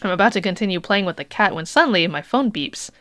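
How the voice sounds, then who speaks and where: A woman's voice: medium pitch, animated, fast talker, a bit bright, dry recording. Playful woman streamer reading a game aloud, faint music underneath. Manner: playful, laughs between lines. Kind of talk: reading a dating game aloud with casual asides.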